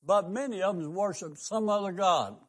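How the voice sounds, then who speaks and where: An older man with a drawl delivers a radio sermon. His fairly high voice climbs on emphatic, repeated questions, and he talks in the fervent manner of a country preacher. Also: normal speed. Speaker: pastor and radio host.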